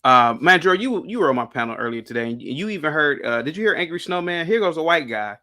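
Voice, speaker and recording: Bright-voiced man holding forth emphatically. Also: on the high side, expressive, fast. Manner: emphatic, rambling, many restarts and repeated words. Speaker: panel guest. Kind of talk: casual opinionated discussion.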